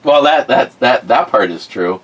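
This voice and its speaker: A man's voice: medium pitch, expressive, unhurried, poor audio. A middle-aged man hosting a casual video, stammering and apologizing in a laid-back way. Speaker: channel host, father. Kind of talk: casual vlog talk.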